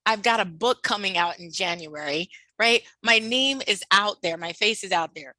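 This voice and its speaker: A woman's voice: medium pitch, normal speed, pushed and bright, no room sound, low-quality recording. A woman presenting a webinar workshop, talking expressively, acting out quoted voices and laughing often over a video call. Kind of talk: animated webinar talk.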